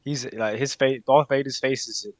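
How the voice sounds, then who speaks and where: A man in casual podcast conversation, voice in the middle range for a man. He talks haltingly, stopping and restarting with ums and likes. The sound is dry and close, with no room around it. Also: medium pitch, fairly even intonation, no room sound. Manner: hesitant, many fillers and restarts, laughs often. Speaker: podcast co-host. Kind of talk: casual chat.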